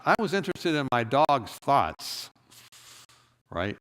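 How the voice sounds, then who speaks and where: A man's voice: mid-range voice, sing-song, slow, fairly bright tone. A man preaching a sermon, telling a personal story and acting out the dialogue, then rising to emphatic moments. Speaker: pastor. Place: church.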